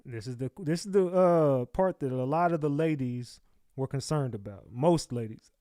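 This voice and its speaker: A man's voice: medium pitch, normal speed, dark tone, no room sound, clean studio sound. A man hosting a livestream, talking casually to his viewers and asking them to like and subscribe. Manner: talks straight to viewers, asks for likes. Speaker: livestream host. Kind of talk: casual commentary to live chat.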